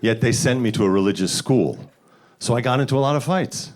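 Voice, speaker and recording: A man from the Bronx, performing a stand-up comedy set with deadpan setups and sudden loud punchlines. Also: medium pitch, a little fast. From the Bronx, New York. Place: comedy stage with live audience.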